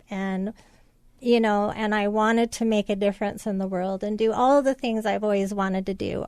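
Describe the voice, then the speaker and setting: A middle-aged woman telling a painful personal story as an interview guest, halting and emotional, with many fillers and restarts. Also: mid-range voice, darkish tone, clean tone, no room sound.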